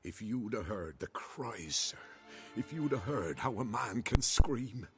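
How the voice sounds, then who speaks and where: An actor playing a shaken male villager with a rustic dialect, speaking grimly of a massacre over loud game music. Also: on the low side, animated, a little slow. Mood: haunted. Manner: rustic dialect, pleading and grim.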